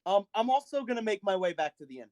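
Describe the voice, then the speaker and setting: A man's voice: sits high, animated, quick pace, darkish tone, dry recording, highs cut off. A man playing in a tabletop game, joking and playful as he role-plays his character. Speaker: player. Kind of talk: tabletop role-play banter.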